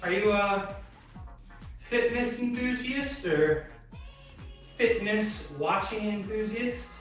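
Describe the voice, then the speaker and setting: A man's voice: sits high, slow pace, very echoey, recorded from a distance, music in the background, low-quality recording. Breathless, laid-back man streaming from his garage. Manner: laid-back, chatty, greets viewers by name. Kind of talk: casual chat with live chat while lifting. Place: home garage gym.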